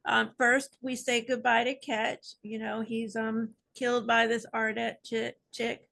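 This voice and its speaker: A woman with a fairly high voice and a gravelly, creaky edge recaps a favorite episode. She is lively and jokes sarcastically as she goes. She is a panelist in a casual fan discussion. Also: a little slow. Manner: animated, playfully sarcastic recapping.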